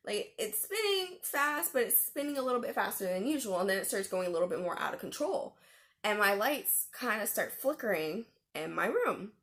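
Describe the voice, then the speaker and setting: A young woman tells a personal story to the camera in a casual vlog style. She is animated and dramatic, with fillers and quick laughs. Her voice sits in a middle pitch. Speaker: vlogger.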